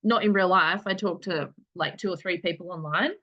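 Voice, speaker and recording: A woman leading a casual team meeting, talking quickly in a chatty way with lots of filler words. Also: lowish voice, lo-fi sound. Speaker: network marketing team leader.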